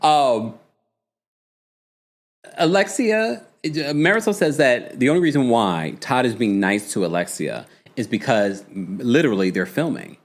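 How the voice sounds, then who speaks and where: A man hosting a casual reality-TV recap livestream, talking in an animated, sassy, gossipy way. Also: mid-range voice, a little slow. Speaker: host.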